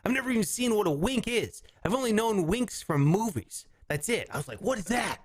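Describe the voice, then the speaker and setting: Animated high-voiced man with Southern drawl. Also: brisk, dry recording. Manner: animated, does silly voices and bits. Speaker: podcast host. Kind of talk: comedic casual chat.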